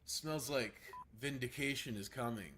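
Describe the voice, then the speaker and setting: A gravelly man with a worn, strained throat chats through a game stream at a slow, easygoing pace. His voice sits in an ordinary middle pitch. He talks loosely, swearing freely and laughing often. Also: noisy background. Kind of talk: casual gameplay commentary.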